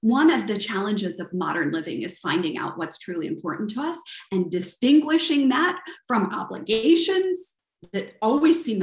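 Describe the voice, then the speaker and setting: A middle-aged woman with a Southern US accent and a high-pitched voice, giving an earnest motivational talk as a life coach. She asks rhetorical questions and often tags on "right?". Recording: echoey room.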